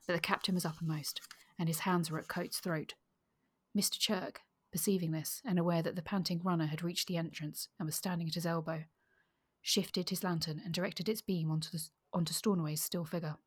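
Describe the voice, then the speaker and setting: A woman's voice: lowish voice, a little fast, breathy edge. A woman co-hosting a book podcast, discussing a novel and reading a passage aloud. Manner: fillers, lively when excited. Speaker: podcast co-host.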